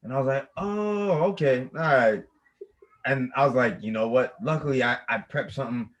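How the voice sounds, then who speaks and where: A young man chats casually on a podcast. He rambles, stumbles and repeats himself as he tells his side, at an average pitch. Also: normal speed, highs cut off. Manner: rambling, many restarts and repeated words. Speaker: podcast co-host. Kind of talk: casual chat.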